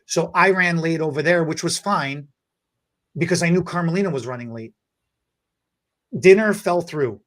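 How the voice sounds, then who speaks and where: A man hosting a podcast, telling a story in a casual, animated, rambling way. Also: a little high, moderate pace, pauses often. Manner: animated, rambling, many fillers and restarts. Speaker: podcast host.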